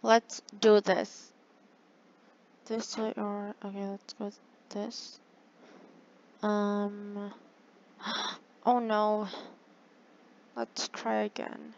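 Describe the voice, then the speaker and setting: A woman giving casual commentary over her own gameplay, excitable and chatty with her viewers, gasping and groaning at every setback. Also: mid-range voice, drawn-out words, long pauses, highs cut off, slight background noise. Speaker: gaming channel host.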